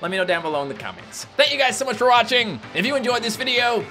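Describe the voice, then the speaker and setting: A young man casually commenting on a game he plays, chatty and animated, yelping and laughing when surprised. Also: extremely high pitch, quick pace, soft background music. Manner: animated, yelps and laughs at sudden attacks. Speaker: gaming YouTuber. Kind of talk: casual let's-play commentary.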